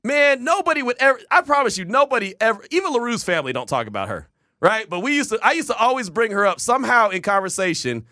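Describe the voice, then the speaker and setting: Male radio host, bright and animated, lively pitch, dry close mic. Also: fast, no room sound. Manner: animated storyteller, shouts quoted voices. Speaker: radio sports show host. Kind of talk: casual sports talk radio chat.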